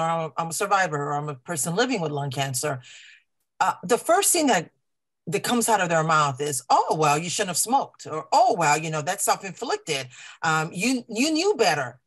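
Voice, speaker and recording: A woman patient advocate telling a personal story on a video call, earnest and animated, acting out the voices of people she quotes. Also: low-pitched. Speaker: lung cancer patient advocate.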